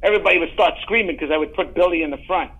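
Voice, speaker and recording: A middle-aged man with a notably high voice tells long, rambling stories in a relaxed interview. He stumbles over restarts and piles on asides. The sound is dull and muffled, like a lo-fi line. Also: rapid-fire, slightly rough. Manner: animated, rambling anecdotes with frequent restarts. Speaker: guest, actor. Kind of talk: casual storytelling interview.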